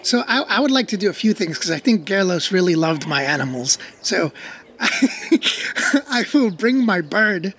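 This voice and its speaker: A man's voice: sits high, very animated, unhurried, fairly bright tone, slightly rough. A man playing a tabletop game, eager and giggling as he talks. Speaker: player. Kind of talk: casual tabletop game chat.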